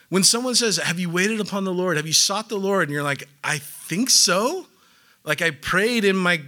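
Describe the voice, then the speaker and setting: A man's voice: sits high, pushed and bright. A man preaching a sermon in a conversational, playful way, often acting out little voices. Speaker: pastor.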